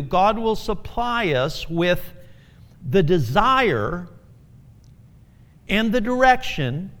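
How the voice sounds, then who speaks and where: A high-voiced man preaches in an unhurried, earnest way, circling back to repeat his key phrases and letting small chuckles slip in. His voice rings out with a long reverb around a church sanctuary. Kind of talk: sermon.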